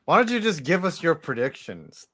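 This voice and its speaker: A man's voice: a little high, sing-song, normal speed, fairly bright tone, slightly rough. A young man hosting a casual sports podcast, teasing his co-hosts and pressing them for answers. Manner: teasing, pushes others for answers.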